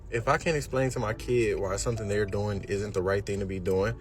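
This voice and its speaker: A man's voice: fairly low pitch, fairly even intonation, brisk, faint music behind. A young man giving his blunt, profane opinion in a casual rant. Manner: blunt, profane, laughs at his own point. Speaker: commenter.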